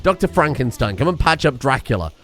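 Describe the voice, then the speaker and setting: A man giving excitable, sarcastic commentary over a game, scolding the characters as he plays. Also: medium pitch, a little fast, soft background music. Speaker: streamer.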